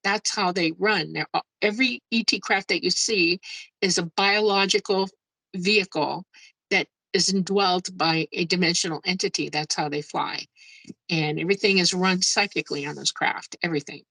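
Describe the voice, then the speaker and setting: A woman guest telling her own story in a casual, excitable way, often exclaiming and laughing as she goes. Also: fairly low pitch, moderate pace, gravelly, no echo, poor audio. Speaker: guest, UFO experiencer. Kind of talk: casual first-person storytelling.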